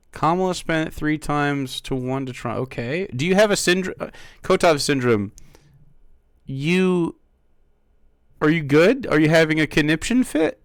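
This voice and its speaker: Sarcastic streamer man, lively slow voice. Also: on the high side, no echo, studio quality. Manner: sarcastic, mocking, arguing with chat. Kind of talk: casual live-stream chat.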